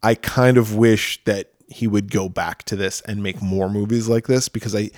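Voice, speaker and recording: Relaxed man rambling about movies. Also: fairly low pitch, moderate pace, no echo, studio quality. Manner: rambling, enthusiastic film talk. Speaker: podcast co-host. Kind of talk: casual chat.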